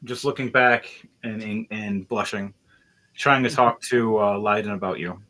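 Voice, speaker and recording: A man's voice: fairly low pitch, measured pace, bright, forceful tone. A man narrating as game master in a casual, chatty way, laughing often.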